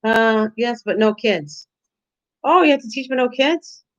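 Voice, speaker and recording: A woman's voice: fairly high pitch, lively intonation, measured pace. An older woman hosting a casual live stream from her home kitchen, chatting with viewers by name and laughing often. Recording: lo-fi stream audio.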